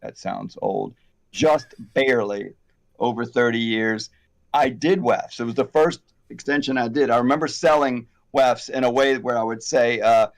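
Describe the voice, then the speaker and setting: A man's voice: medium pitch, moderate pace, vocal fry. Rambling, chatty male salon educator. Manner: rambling, animated, self-deprecating, frequent fillers. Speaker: hair extension educator, host. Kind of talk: casual conversational chat.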